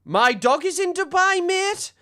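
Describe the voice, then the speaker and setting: A man voicing a brash British man from Newcastle who is frantic about his dog abroad. He reads it out in a loud, whiny, overwrought way with a Newcastle accent. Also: extremely high pitch, very animated, measured pace, pitched above the performer's own voice, full character voice. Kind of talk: mock reading of a tweet.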